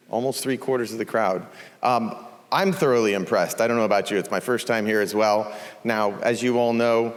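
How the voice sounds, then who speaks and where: Man hosting a conference in a big hall. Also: medium pitch. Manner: casual, engages the audience with questions. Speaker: organization CEO and host. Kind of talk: conference speech. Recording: long reverb of large hall.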